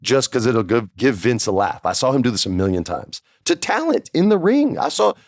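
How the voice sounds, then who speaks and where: With a mid-range voice and moderate pace, a man from New Mexico in his forties tells a backstage anecdote on his podcast, bringing the quoted figures to life with animated impressions. It's a dry, clean studio recording.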